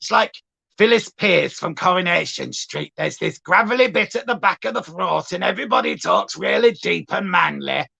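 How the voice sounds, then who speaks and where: A streamer doing a gravelly Yorkshire townsman. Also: medium pitch, lively intonation, moderate pace, sharp tone, no room sound, exaggerated voice. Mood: gruff. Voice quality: gravelly, throaty. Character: deep gravelly northern townsman. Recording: slightly dull lo-fi sound.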